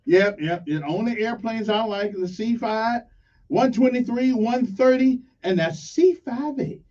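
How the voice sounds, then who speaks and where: A man hosting a morning radio talk show, rambling casually through shout-outs to local crews. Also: high voice, unhurried, distant mic. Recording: dull lo-fi sound, slightly off-mic.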